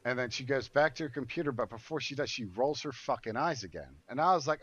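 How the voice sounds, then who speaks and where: A man's voice: mid-range voice, expressive, fast, few pauses, fairly bright tone, breathy edge, no echo. A man streaming a game who tells a story in a casual, profane and indignant way, with heated outbursts. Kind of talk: casual storytelling while gaming. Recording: muffled lo-fi audio.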